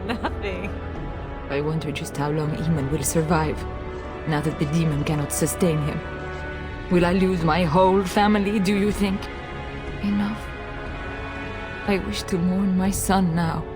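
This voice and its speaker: A woman's voice: lowish voice, steady tone, unhurried, long pauses, music in the background, close to an everyday voice. An actress voicing a noble mother desperate to save her son, emotional and pleading, in a video game. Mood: grieving.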